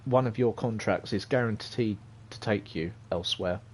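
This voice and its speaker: A man's voice: fairly low pitch, normal speed, a little hiss or hum. A young man casually commenting on a driving game as he streams live, rambling and hesitant, chatting with viewers. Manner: rambling, hesitant, chatty, reads chat aloud. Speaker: gaming streamer.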